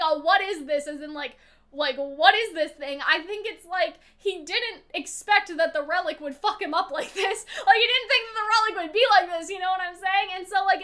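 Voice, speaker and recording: A woman streamer chatting casually through a story analysis, animated and laughing often, swearing now and then. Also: very high-pitched. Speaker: VTuber streamer.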